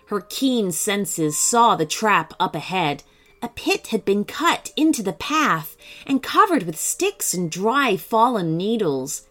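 Woman narrator for kids' stories, slow, lively pitch, light music bed. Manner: expressive, slow and animated. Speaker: storyteller. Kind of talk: children's bedtime story narration.

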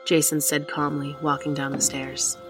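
A woman's voice: deep voice, little pitch movement, normal speed. A woman narrating a horror story in the first person, with a tense, dramatic reading. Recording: music behind the voice.

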